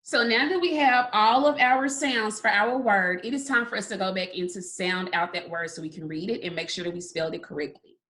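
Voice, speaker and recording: A woman teaching a phonics lesson to young children, sounding words out slowly and praising often. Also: mid-range voice, a bit bright. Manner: slow, drawn-out sounding out of words; encouraging, repeated praise. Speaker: kindergarten teacher.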